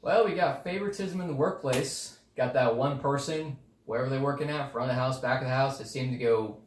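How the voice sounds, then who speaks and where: A man's voice: medium pitch, brisk, distant mic. A man co-hosting a casual podcast about restaurant work, talking in an easygoing, rambling way. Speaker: podcast co-host, restaurant worker. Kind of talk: casual chat. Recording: echoey room, faint noise.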